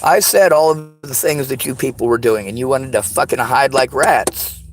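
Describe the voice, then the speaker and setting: A man in an angry personal vlog rant. He talks in a bitter, accusing way, swears constantly and often shouts. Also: mid-range voice, moderate pace. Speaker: vlogger.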